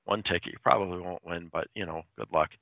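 A man's voice: low-pitched, fairly even intonation, quick pace, creaky, dry recording. A man voicing a hesitant small-town hotel manager in a retold spooky story. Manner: hesitant, hedging. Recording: dry, tinny phone-like sound.

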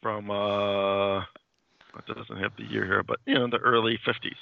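Lower-pitched man with a gravelly, bright voice, rambling casual storyteller, dry lo-fi recording. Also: flat delivery, unhurried, dry recording. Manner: rambling, many fillers and restarts. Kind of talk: casual chat retelling a comic story. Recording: dull dry lo-fi sound.

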